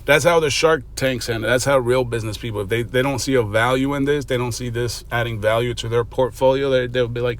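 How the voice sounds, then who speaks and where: A man's voice: medium pitch, steady tone, fairly quick, few pauses, a little hiss or hum. A man giving a blunt, profane reaction commentary, mocking and lecturing as he talks. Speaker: reaction vlogger.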